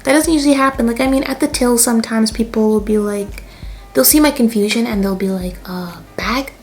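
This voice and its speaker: A woman's voice: a little high, fast talker, a little mellow, soft background music. A young woman in her twenties from Canada with a Canadian accent, chatting casually as she tells a storytime in her vlog. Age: 20s. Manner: chatty, lots of fillers and laughs. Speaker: vlogger.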